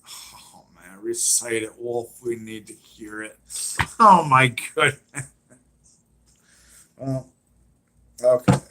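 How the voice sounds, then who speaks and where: A man's voice: medium pitch, slow pace, long pauses, bright, forceful tone. A man hosting a live stream, chatting casually and rambling as he retells scenes with lots of fillers.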